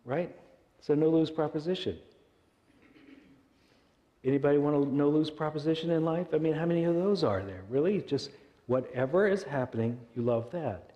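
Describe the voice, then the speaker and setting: Male minister with a warm, mellow voice. Preaches conversationally and keeps checking in with "right?". Church hall reverb. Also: fairly high pitch, moderate pace, pauses often, lo-fi sound. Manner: conversational, often asks the congregation rhetorical questions. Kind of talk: sermon. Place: church sanctuary.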